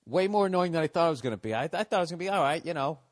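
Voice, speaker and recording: A man's voice: fairly high pitch, animated, rapid-fire, no echo, clean studio sound. A man who is a comedian and podcast host, telling a story as a casual, profane rant full of swearing, exasperated and correcting himself as he goes. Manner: self-corrects and restarts mid-story.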